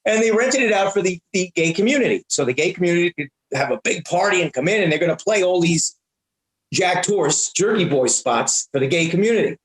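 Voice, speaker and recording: A man around sixty, a comedian guest telling animated stories and stumbling over repeated words. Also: high-pitched, brisk. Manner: excitable, repeats and restarts words often. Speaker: guest, prank-call comedian and voice actor. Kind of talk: animated anecdotal storytelling. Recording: roomy echo.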